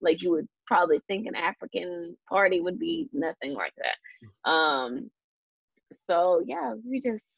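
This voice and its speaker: Husky-voiced woman chatting on a podcast. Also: on the low side, animated, a little slow, no echo. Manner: rambling, many fillers and restarts, laughs often. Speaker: podcast host. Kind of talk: casual chat. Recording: dull lo-fi sound.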